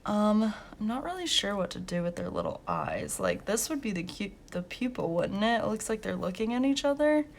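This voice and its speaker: A woman's voice: medium pitch, wildly swooping pitch, normal speed, few pauses, a little hiss or hum. A young woman hosting a coloring channel, chatting casually and telling work stories with lots of laughs and fillers. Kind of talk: casual chat while coloring.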